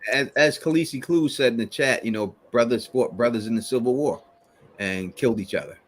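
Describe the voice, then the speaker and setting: A man's voice: mid-range voice, fairly quick. A man in casual livestream chat, making his case emphatically and swearing as he goes.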